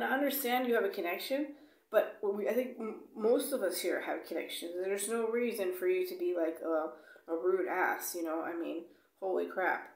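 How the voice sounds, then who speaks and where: A woman's voice: mid-range voice, brisk, vocal fry. A woman telling a travel story in a blunt, casual way, swearing freely and acting out the dialogue. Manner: blunt, swears freely, lots of "like" and "you know"; acts out dialogue when retelling. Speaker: vlogger. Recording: echoey room.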